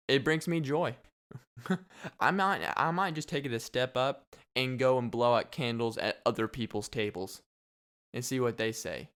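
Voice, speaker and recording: Young male podcast host, smooth resonant voice, rambling jokey monologue, mid pitch. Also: a little slow, fairly bright tone. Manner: rambling, joking, laughs often. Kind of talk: casual solo podcast monologue.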